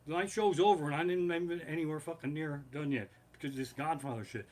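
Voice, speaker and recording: A man's voice: on the high side, quick pace. A man doing comedic storytelling on a live stream from his living room, rambling, swearing freely and getting heated. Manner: profane, rambling and animated. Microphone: basic home streaming setup.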